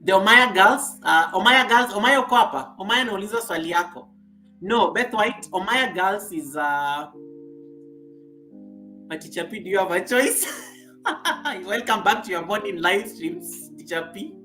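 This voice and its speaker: A woman's voice: mid-range voice, animated, moderate pace, pushed and bright, soft background music. A woman from Kenya with a Kenyan accent, hosting a casual live stream and chatting with viewers, laughing often and repeating herself.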